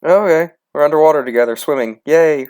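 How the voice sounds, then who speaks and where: A man's voice: a little high, fairly quick, darkish tone, smooth. Playful man at a tabletop game. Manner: playful, giggly chatter. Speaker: player. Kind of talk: casual tabletop play.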